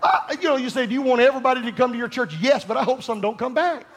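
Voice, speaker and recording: A male pastor preaching a sermon, fervent and conversational, rising to shouts and speaking directly to his congregation. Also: very high voice, animated, fast.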